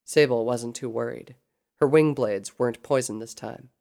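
A narrator reading a fan fiction story aloud in steady, even storytelling. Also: mid-range voice, moderate pace, creaky.

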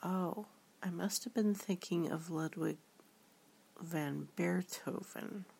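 A woman reading the part of a gentle, slow-witted male teddy bear, soft and puzzled. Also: on the low side, vocal fry, breathy edge, exaggerated voice.

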